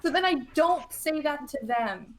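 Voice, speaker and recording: A woman chatting casually as a player in a tabletop game, quick to banter. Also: high voice, expressive, slight background noise.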